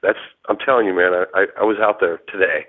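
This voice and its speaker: Caller, male, low voice, rambling and halting, heard over a thin phone line. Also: steady tone. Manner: rambling, halting, full of restarts. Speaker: phone-in guest investigator. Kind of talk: excited phone-in account. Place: hotel room. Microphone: telephone.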